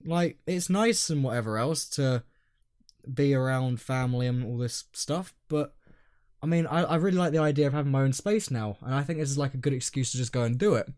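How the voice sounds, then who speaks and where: A man's voice: mid-range voice, lively intonation, fairly quick. Hesitant young man, rambling. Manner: rambling, hesitant, trailing off quietly. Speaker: podcast co-host. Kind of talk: casual chat.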